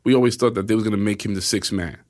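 Male guest, 40s, low voice, casual storyteller who acts out quotes. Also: fairly even intonation, very fast. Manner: acts out quoted voices, often asks "right?". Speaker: interview guest.

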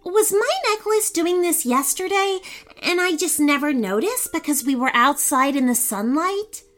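A woman voicing an excited ten-year-old girl who asks eager, wide-eyed questions. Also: sits high, moderate pace, pitched above the performer's own voice.

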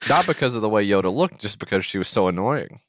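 A man's voice: on the low side, expressive, fast, noisy background. A man co-hosting a podcast, riffing sarcastically and reading items aloud in casual chat. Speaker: podcast co-host.

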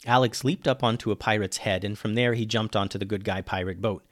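A man briskly reads out a children's pirate tale, animated throughout, and drops his voice on the dialogue tags.

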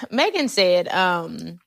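A woman's voice: fairly low pitch, very animated, drawn-out words, vocal fry, dry recording, studio quality. A woman co-hosting a podcast in casual chat, candid and playful. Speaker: podcast co-host.

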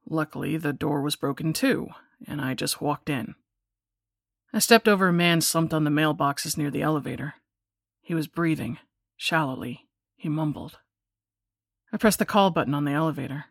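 A woman's voice: low voice, no echo. Woman narrating a horror story, dry. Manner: measured, suspenseful storytelling. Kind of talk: scripted first-person horror narration.

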